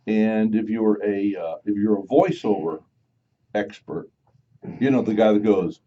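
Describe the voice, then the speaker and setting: A man hosts a live radio show in a playful, joking way with his studio guests. His voice sits fairly low and sounds mellow. The broadcast recording is dull and lo-fi. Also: moderate pace, far from the mic. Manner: playful, slips into put-on voices and jokes. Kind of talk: casual on-air banter.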